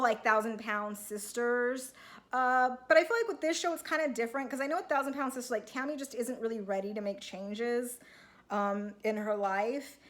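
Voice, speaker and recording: A woman's voice: on the high side, fairly bright tone. A woman recapping a reality show for her viewers in a chatty, self-questioning way, often acting out what people on the show say. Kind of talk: casual recap monologue to viewers.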